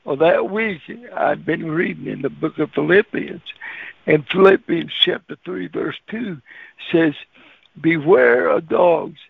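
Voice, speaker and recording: Male chaplain, storytelling sermon, gravelly and husky, tinny radio sound. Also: on the high side, unhurried, no echo. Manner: folksy, laughs at his own stories.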